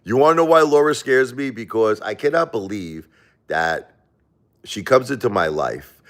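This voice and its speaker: A middle-aged man hosting a livestream, talking defensively and repeating himself as he tells animated stories. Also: medium pitch, normal speed. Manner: defensive, repetitive, animated storyteller. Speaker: livestream host. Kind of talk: casual livestream chat answering viewer questions.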